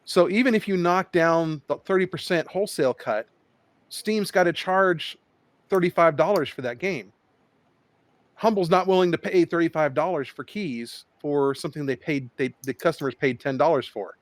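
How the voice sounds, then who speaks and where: A man's voice: fairly high pitch, normal speed, no room sound. A man in a casual podcast chat, explaining things in a matter-of-fact way.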